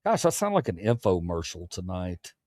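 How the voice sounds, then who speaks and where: A man's voice: low voice, wildly swooping pitch, moderate pace, a little mellow, dry recording. Rambling, stammering male livestream host. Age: adult, past his youth. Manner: rambling, stammering restarts, candid and profane. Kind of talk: casual late-night livestream chat.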